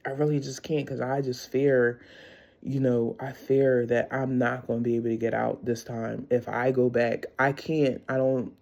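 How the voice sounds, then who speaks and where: Middle-aged woman, casual faith vlog, candid and rambling, raspy fry, dull lo-fi sound. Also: extremely low pitch, level tone, normal speed, a little mellow. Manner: candid and rambling, with frequent laughs. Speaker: vlogger.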